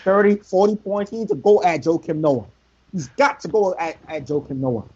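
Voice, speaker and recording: A man talking sports on a podcast with emphatic, repetitive points. His voice is dark and husky. The audio is dull and lo-fi. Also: on the high side, normal speed. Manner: emphatic, repeats himself. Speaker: podcast co-host. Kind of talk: casual sports talk.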